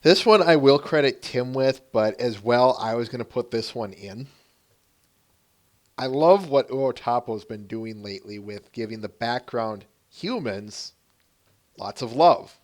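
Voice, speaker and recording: A man hosting a podcast in casual chat, relaxed and steering the conversation. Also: mid-range voice, measured pace. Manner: relaxed, laughs easily, steers the talk. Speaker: podcast host.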